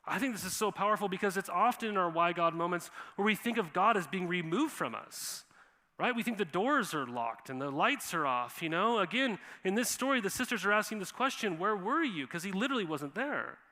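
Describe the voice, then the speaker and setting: Male pastor, sermon, bright forceful voice, conversational, long church-hall reverb. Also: high-pitched, fairly quick. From Montana. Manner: conversational, animated, acts out quoted voices. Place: church sanctuary.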